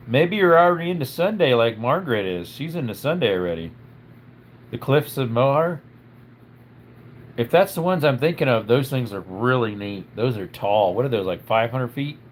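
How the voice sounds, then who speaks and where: A man's voice: medium pitch, a little hiss or hum. A man, a little under the weather with a tickle in his throat, hosting a casual live stream and chatting through viewer comments.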